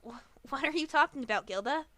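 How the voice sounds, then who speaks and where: A woman's voice: sits high, lively intonation, sharp tone, dry recording, pitched above the performer's own voice. A woman voicing a stammering, guilty pegasus mare. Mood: defensive. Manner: halting, defensive, stammering. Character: defensive, guilt-ridden female pegasus pony. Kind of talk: fan audiobook reading.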